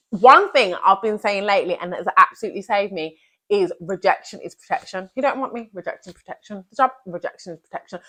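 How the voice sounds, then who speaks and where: A woman's voice: mid-range voice, a bit bright. A young woman giving an earnest, emphatic motivational talk as a vlogger, repeating her key phrases.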